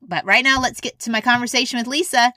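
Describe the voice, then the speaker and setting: A woman's voice: fairly high pitch, fast talker, pushed and bright, no echo, clean studio sound. A woman hosting a podcast, talking in a chatty, encouraging way. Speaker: podcast host. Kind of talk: casual podcast chat and read ad.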